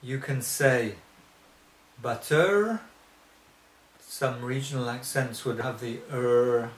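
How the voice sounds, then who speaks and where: A man teaching a spoken lesson, talking slowly and haltingly, often restarting and clearing his throat. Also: medium pitch, little pitch movement, reverberant. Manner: slow and hesitant, frequent restarts and throat clearing.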